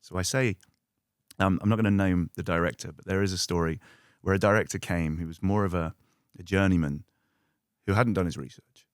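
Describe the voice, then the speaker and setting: A middle-aged man, an actor guest on a podcast, telling stories in a casual, animated way, swearing and acting out loud quoted lines. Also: a little fast, long pauses, dry recording, studio quality. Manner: animated, acts out quotes in loud high bursts.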